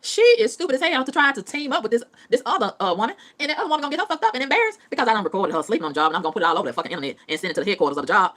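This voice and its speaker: A woman's voice: a little high, very animated, racing, hardly any pauses, fairly bright tone. A woman ranting in a profane, heated vlog monologue, repeating phrases as she goes. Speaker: vlogger.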